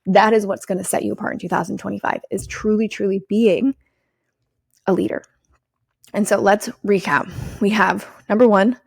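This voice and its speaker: A woman hosting her own podcast, giving an energetic, swearing pep talk to her listeners. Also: medium pitch, moderate pace, creaky, slightly rough, no echo, clean studio sound. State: out of breath. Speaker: podcast host and business coach. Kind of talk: solo podcast monologue.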